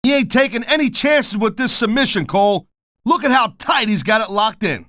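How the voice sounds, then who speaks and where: A man's voice: sits high, lively intonation, normal speed, a bit bright, dry recording, studio quality. A middle-aged man doing color commentary for a wrestling video game, blunt and wisecracking with tough-guy slang.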